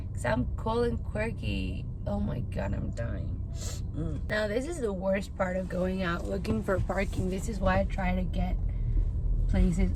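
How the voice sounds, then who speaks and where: A woman's voice: medium pitch, noisy background. A young woman chatting casually in a rambling, self-mocking way for her vlog, tired and sick. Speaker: vlogger.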